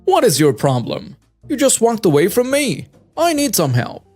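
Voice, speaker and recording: A man playing a shrill, entitled shopper. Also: huge pitch swings, normal speed, a little mellow, soft background music, exaggerated voice. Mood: demanding. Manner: indignant, shrill outbursts. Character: rude entitled male shopper, shouting demands.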